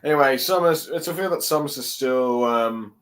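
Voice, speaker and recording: A man's voice: medium pitch, low-quality recording. Hesitant man recapping with many fillers. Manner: halting, many ums and let's sees. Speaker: chapter reviewer. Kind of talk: casual solo commentary.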